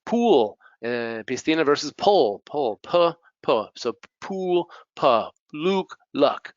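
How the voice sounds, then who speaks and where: A man with a fairly high, very animated voice speaks slowly, with no echo. He's a teacher running a pronunciation lesson in class, repeating each word as a model and slipping in Spanish asides. The recording is dull, lo-fi, and dry.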